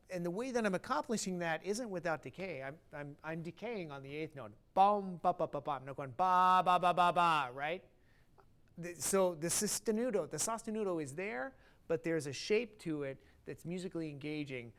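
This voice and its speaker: A man's voice: a little high, expressive, normal speed. A man teaching a brass master class, singing rhythms aloud on syllables to show phrasing. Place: concert hall stage.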